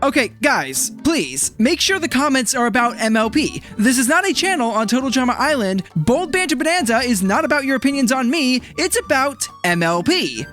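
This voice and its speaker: Playful man reading comments, lively voice. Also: very high-pitched, faint music behind. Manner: chatty, playful, quick reactions. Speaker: YouTube host. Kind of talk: reading viewer comments aloud. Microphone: studio microphone.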